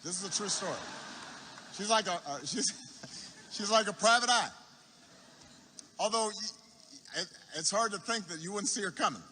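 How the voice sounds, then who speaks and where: High, bright-voiced man telling a rally story. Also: animated, a little hiss or hum. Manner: unhurried anecdote with repetition for effect and halting restarts. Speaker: political speaker at a campaign rally. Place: large university arena. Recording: echoey arena with long reverb.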